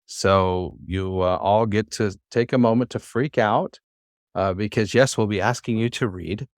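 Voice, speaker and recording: A man's voice: on the low side, a little slow, no echo, clean studio sound. A man teaching a class, who explains patiently and coaxes his students to try reading aloud. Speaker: Hebrew teacher.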